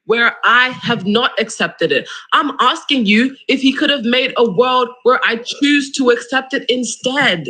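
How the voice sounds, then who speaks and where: High, bright-voiced man arguing. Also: low-quality recording. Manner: combative, interrupting, fast rebuttals. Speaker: livestream host. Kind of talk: argumentative live-stream debate.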